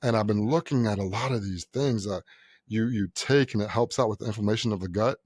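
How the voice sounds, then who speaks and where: Brisk and slightly rough, this lowish male voice comes through with no room sound. He's a thirtysomething New Yorker co-hosting a casual podcast, spinning stories, performing the quotes, and cursing without restraint.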